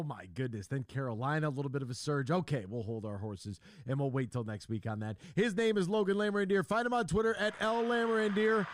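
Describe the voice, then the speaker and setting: A man hosting a sports talk radio show, casual and jokey, telling stories with animated voices. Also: on the high side. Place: radio studio. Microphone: studio microphone.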